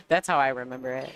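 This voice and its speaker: A woman commentating a pool match, chatty and bantering, often laughing as she talks. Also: a bass voice. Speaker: sports commentator. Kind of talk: casual play-by-play commentary.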